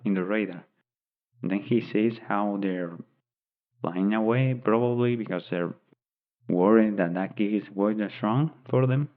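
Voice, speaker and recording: A man improvising a story aloud, rambling and thinking as he describes pictures, recorded on tinny phone-like audio. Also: on the low side. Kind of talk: unscripted story narration.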